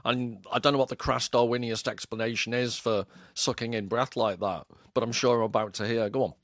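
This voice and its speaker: A man's voice: medium pitch, fairly even intonation, fairly bright tone, no echo. Sardonic man, dry sound. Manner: sardonic, deliberate. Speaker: panel guest. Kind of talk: panel discussion.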